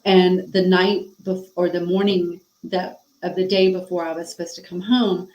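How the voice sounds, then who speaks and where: A middle-aged woman with a fairly low voice speaks openly about her past, with emotion and frequent fillers. She acts out old conversations as she tells them. The sound is a little roomy, with echo around her. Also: flat delivery, normal speed, a little mellow, muffled recording. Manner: emotional, frank, with many fillers and quoted dialogue. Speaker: podcast guest. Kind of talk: candid personal storytelling.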